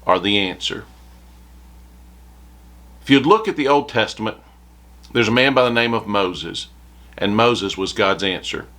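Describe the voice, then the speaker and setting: A man's voice: fairly low pitch, fairly bright tone. Earnest male preacher giving a sermon. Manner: earnest, reads scripture aloud with rising emphasis.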